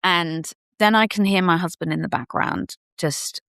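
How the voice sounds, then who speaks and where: A woman's voice: on the low side, moderate pace, gravelly, a bit bright, dry recording, clean studio sound. A young adult woman on a podcast, candidly and animatedly telling her personal birth story and acting out what people said. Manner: candid, casual, occasional swearing. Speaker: podcast guest.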